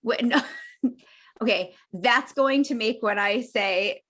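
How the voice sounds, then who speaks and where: A woman co-hosting a podcast, telling a personal story in a casual, hesitant way with frequent pauses and laughs. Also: fairly high pitch, a bit bright. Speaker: podcast co-host.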